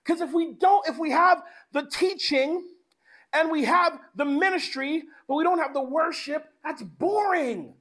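A man pastor delivering a sermon in an animated, conversational way, mixing in slang. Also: extremely high pitch, a little slow.

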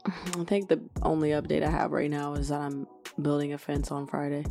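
A young woman on a casual podcast, her voice a little lower than most. She tells stories with animated, emotional energy and breaks into laughter often. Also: a little fast, creaky, soft background music. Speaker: podcast co-host.

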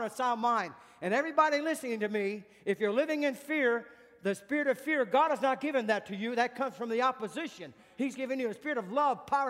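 A man delivers an emphatic sermon in a notably high voice. He repeats his questions for force and slips into quiet spoken praise. The sound carries a long hall reverb. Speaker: preacher.

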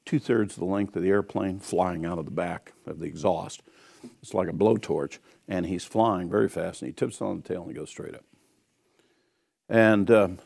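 A man's voice: low-pitched, vocal fry, a little mellow, breathy edge. A man preaching a sermon, telling a personal story and exhorting his listeners in an earnest storytelling way.

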